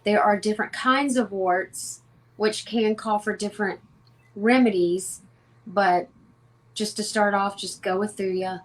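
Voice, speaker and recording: A woman speaking as a homeopath guest in an interview, giving advice in a calm, matter-of-fact, instructive way. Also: medium pitch, unhurried.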